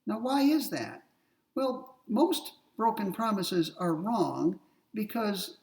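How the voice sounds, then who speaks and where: Man, philosophy lecturer, gravelly voice, methodical, rhetorical questions, distant mic. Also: high-pitched, expressive, slow pace, darkish tone. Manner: methodical, repeats key points, asks rhetorical questions. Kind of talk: recorded ethics lecture.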